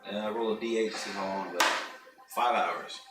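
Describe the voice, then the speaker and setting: A man's voice: fairly low pitch, steady tone, fairly quick. A man playing a tabletop game, talking tentatively and casually with fillers. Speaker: player. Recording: distant, echoey, with loud music.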